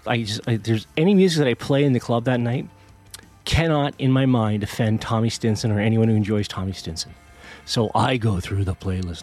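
A middle-aged man with a lowish, darkish voice hosts a music show, telling a story in a rambling, self-deprecating way with many restarts. It's a casual storytelling monologue.

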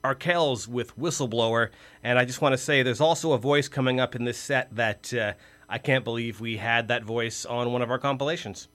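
A man's voice: medium pitch, normal speed, fairly bright tone. Chatty man hosting a radio show. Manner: chatty, rambling asides. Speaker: radio host. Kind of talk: casual radio DJ talk between tracks. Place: radio studio.

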